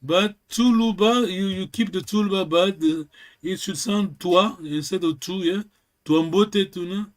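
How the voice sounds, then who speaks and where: Guy teaching a language class, patient, repeats stuff a lot, kinda high voice. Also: unhurried. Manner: patient, corrects and repeats, many fillers. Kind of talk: online language lesson.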